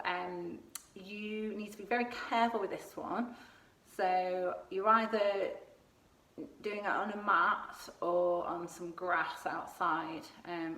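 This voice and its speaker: At home, a woman with a fairly low, fairly bright voice coaches children through gymnastics moves in an encouraging exercise lesson, demonstrating each one as she explains. She's a little out of breath at times, and her voice comes from a distance in an echoey room.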